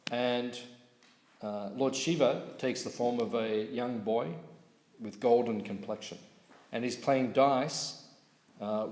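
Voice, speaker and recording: Man, temple class speaker, lively storyteller, questions to the room, long hall echo. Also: mid-range voice. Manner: lively storyteller, asks audience questions, laughs. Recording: echoey hall recording.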